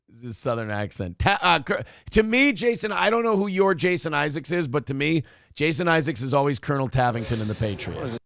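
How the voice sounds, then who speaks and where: An American man co-hosting a casual morning talk show, animated, bursting into mock shouts and reading out chat comments. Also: mid-range voice, moderate pace, vocal fry, dry recording, studio quality. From United States. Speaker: co-host.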